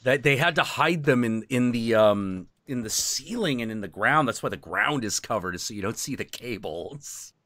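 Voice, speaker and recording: A man's voice: medium pitch, lively intonation, normal speed, hardly any pauses, a bit bright, no echo. A man hosting a stream, chatting casually in a loose, profane way with lots of fillers. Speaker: stream host. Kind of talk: casual chat.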